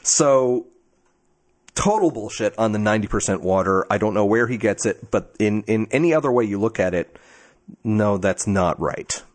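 A man's voice: on the low side, animated, normal speed. A man co-hosting a podcast in casual chat, talkative and wry, explaining at length. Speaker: podcast co-host.

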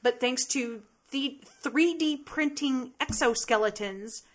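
A woman's voice: high-pitched, slow. A woman co-hosting a casual podcast chat, bubbly and giggly as she shares news items. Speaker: podcast co-host.

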